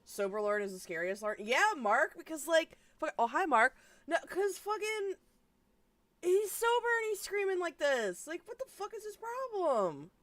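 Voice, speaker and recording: A woman streamer comments live on a clip, her voice high and lively. She sounds incredulous and exasperated, and her pitch keeps swinging between asides. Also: moderate pace.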